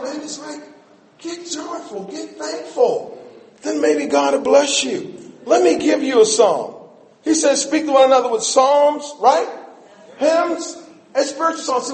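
High-voiced preacher in an echoey hall. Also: male voice. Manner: animated, shifts between shouting and quiet asides. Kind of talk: sermon. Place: church sanctuary. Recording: echoey hall, mic at a distance.

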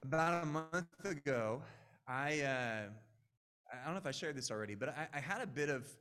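A man's voice: on the high side, animated, moderate pace, a bit bright. A man in his late twenties preaching a sermon in a conversational, earnest way, with frequent asides to the audience. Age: 20s.

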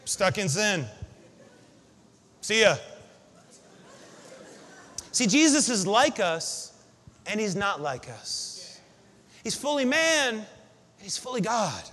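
A man preaching a sermon to his congregation, building up to shouted refrains. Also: sits high, sing-song, slow, pauses often. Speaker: pastor. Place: church sanctuary. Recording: long hall reverb.

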